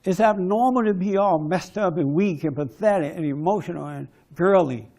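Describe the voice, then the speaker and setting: Brief: high, gravelly male speaker, forceful preacher style, conference talk. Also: normal speed. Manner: preachy, forceful, mimics others in quoted bits.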